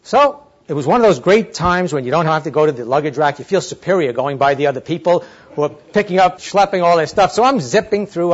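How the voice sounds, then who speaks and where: A male motivational speaker tells a story to a live audience with an animated, lively delivery that swoops up and down. His voice sits high and sounds husky. The recording is dull and lo-fi. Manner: animated, chatty, acts out dialogue.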